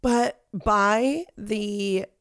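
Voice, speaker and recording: A woman's voice: medium pitch, very slow, fairly bright tone, clear, resonant tone. A woman hosting a casual chat, agreeable and encouraging, often laughing along.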